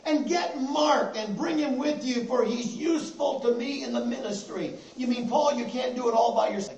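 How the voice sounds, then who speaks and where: A man preaching a sermon to his congregation in a church, repeating key phrases and slowing down to stress them. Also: extremely high pitch, gravelly, a little mellow, highs cut off, a little hiss or hum. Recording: echoey, distant room mic.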